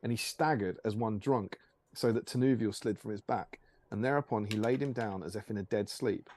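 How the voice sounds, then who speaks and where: A man hosting a stream, reading an archaic fantasy tale aloud in a measured storytelling manner. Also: on the low side, darkish tone, dry recording. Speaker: stream host.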